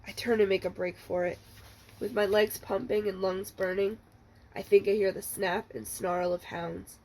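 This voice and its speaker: A woman librarian reading the first chapter of a novel aloud, in a steady, measured storytelling manner. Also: medium pitch, poor audio.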